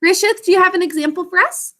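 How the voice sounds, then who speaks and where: A woman teaching a class over a video call, encouraging and sounding out words slowly. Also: extremely high pitch, fairly bright tone.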